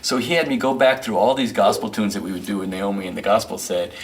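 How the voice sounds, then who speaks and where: A man, a musician and record producer, telling loose, animated stories as an interview guest, peppering them with "you know" and "man". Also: lowish voice, quick pace, far from the mic, a little hiss or hum. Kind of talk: casual interview storytelling.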